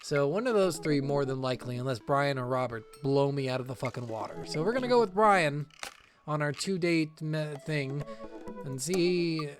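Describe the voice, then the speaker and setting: A man's voice: a little high, lively intonation, normal speed. A man doing casual let's play commentary, jokey and profane, reading a game's lines aloud. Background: game music.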